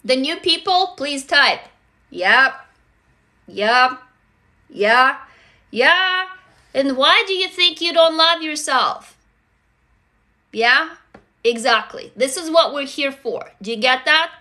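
Russian-born woman host, casual live chat, swears a lot, bright tone. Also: sits high, slow pace, pauses often. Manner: energetic, swears freely, greets viewers. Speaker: livestream host.

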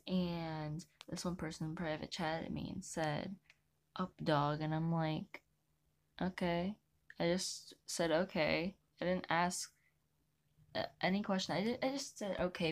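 A woman vlogger telling unscripted story-time tales in a rambling, self-mocking way. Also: fairly low pitch.

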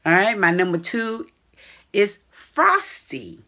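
A woman's voice: mid-range voice, slow pace. A woman vlogger talks straight to her viewers in a loose, slangy chat. Her voice swoops up and down as she goes, and she laughs easily between thoughts. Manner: animated and laughing, chatty slang. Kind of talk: casual chat to camera.

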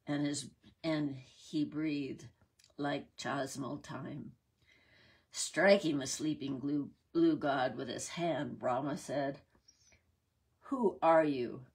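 A woman reading a retold myth aloud in a measured, reverent way. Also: sits low, breathy edge. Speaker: reader.

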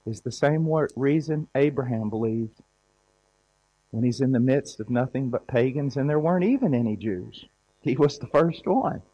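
A man's voice: mid-range voice, mellow, highs cut off. A man preaching a sermon in a conversational, storytelling way, acting out little scenes.

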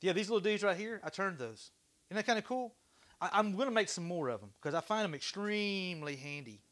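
A man hosting a casual livestream from his workshop, chatty and excitable, swearing casually as he talks to viewers. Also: high-pitched, a little fast, slight background noise. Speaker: livestream host. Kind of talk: casual livestream chat while woodturning.

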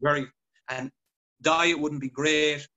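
A man chatting on a podcast, telling patient stories with lively acted-out dialogue. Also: on the high side, slow pace, lo-fi sound. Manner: animated storytelling, acts out patient dialogue. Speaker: podcast guest clinician. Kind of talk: casual podcast chat.

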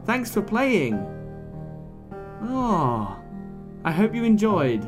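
A young man hosting a relaxed gaming video, chatting in a playful, mock-dramatic way. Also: high-pitched, extremely slow. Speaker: gaming channel host. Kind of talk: relaxed let's-play commentary. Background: faint game music.

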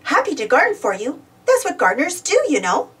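A woman voicing an upbeat young female gardener from a storybook, high and excited. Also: moderate pace, recorded from a distance, full character voice. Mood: cheerful.

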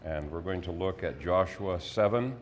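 Sex: man. Role: pastor. Style: sermon. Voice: very low. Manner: earnest, measured, with pauses. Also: animated, a little hiss or hum.

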